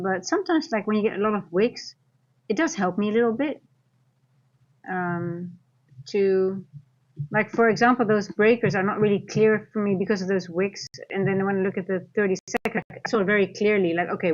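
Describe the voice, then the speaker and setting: Woman trader-coach, casual live-stream chat, thinks aloud at mid pitch, slightly muffled home recording. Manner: thinks aloud, rambling and chatty. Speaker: futures trader and trading coach. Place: at home, near a kitchen.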